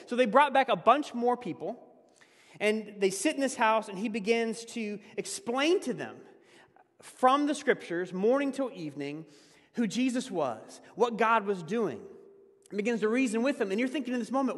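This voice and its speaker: A man preaching a conversational sermon as a pastor, laughing often and swinging between loud emphasis and hushed asides. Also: very high voice, normal speed, big-room sound.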